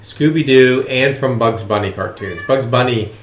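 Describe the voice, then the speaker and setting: A man with a mid-range voice hosts a podcast, reading out listings and sign-offs at a steady, plain pace. The sound is roomy and echoey. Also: medium pitch, moderate pace, slight background noise. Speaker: podcast host. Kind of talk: casual chat and reading out listings.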